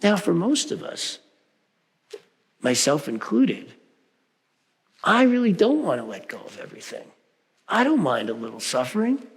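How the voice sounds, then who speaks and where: A reverend preaches a conversational sermon in a high, very animated voice, speaking a little slowly with long pauses. He often checks in with listeners by asking "right?" A long hall reverb surrounds the recording.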